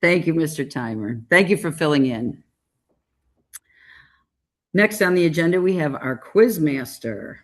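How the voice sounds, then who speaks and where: A woman's voice: low voice, expressive, measured pace, long pauses. A woman chairing a club meeting, chatty and a little hesitant as she introduces each role.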